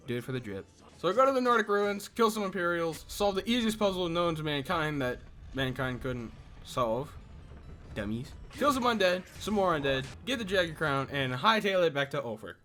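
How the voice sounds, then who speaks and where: Young male narrator, very animated, sarcastic and exasperated comic recap. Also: high-pitched. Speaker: video creator. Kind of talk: comedic game recap narration.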